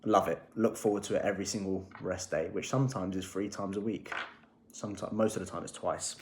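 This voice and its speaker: A man's voice: sits low, fairly even intonation, fairly quick, roomy sound, a little hiss or hum. Sweary young man rambling. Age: 20s. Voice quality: swears a lot, rambling and cheeky. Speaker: fitness vlogger. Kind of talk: casual vlog chat. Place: home kitchen.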